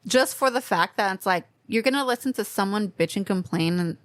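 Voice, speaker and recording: A woman's voice: mid-range voice, brisk, dry recording. Woman on a movie podcast, blunt, calls people out, dry close mic. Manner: frank and judgmental, plain-spoken. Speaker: podcast co-host. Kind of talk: casual chat.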